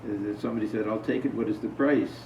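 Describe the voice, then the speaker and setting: A man's voice: on the low side, steady tone, fast, darkish tone, a little hiss or hum. A man giving an informal spiritual talk to a small gathering, telling stories and asking his listeners questions. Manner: conversational, asks the audience questions. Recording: roomy, distant, dull sound.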